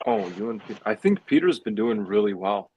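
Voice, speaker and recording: A man with a fairly low voice talks as a guest on a casual show. He weighs things up slowly and hedges, with plenty of "um"s. Faint noise sits behind him. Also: very animated, creaky, a little mellow, dull audio. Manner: measured, hedging analysis with many "um"s. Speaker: armwrestler guest. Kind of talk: casual chat.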